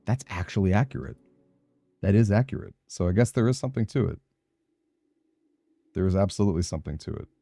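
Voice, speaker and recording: Low-voiced Southern Californian man streaming. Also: lively intonation, fast talker, creaky, pauses often, dark tone, dry recording. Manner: chatty, rambling, answers chat aloud. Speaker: game streamer. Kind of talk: casual live-stream chat while gaming.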